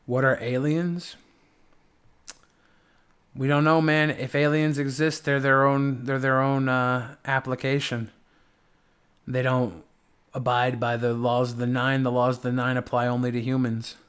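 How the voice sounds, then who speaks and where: A man's voice: medium pitch, level tone, a little slow, a bit bright, clean tone. A young man hosting a livestream, chatting casually in a rambling, playful way with lots of swearing. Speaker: livestream host.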